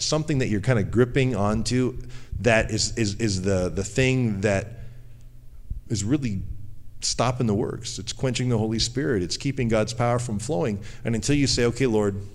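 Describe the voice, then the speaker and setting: This is a man preaching in a conversational way, playing out people's words as he goes. For emphasis, his voice sinks low and quiet.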